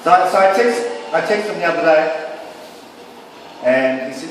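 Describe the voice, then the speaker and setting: Talking about his own artworks on an indoor gallery floor, this artist sounds casual and rambling, dropping many "sort of"s and "like"s. His fairly high-pitched voice is expressive and brisk with frequent pauses, recorded at a distance amid echo and slight hiss or hum.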